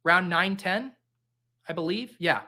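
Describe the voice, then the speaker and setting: A man's voice: high-pitched, a little slow, pushed and bright. A young man hosting a live stream, chatting casually in a jokey, rambling, caffeinated way. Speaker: livestream host. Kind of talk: casual livestream chat.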